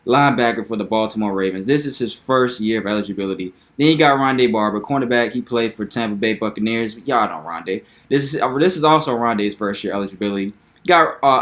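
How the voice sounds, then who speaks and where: A young man hosting a casual sports commentary video, animated and hyped, repeating points for emphasis. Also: mid-range voice.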